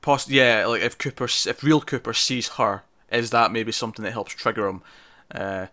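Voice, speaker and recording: A man's voice: mid-range voice, steady tone, moderate pace, sharp tone. A man co-hosting a casual TV review discussion, chatty, with many fillers and restarts. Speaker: podcast co-host.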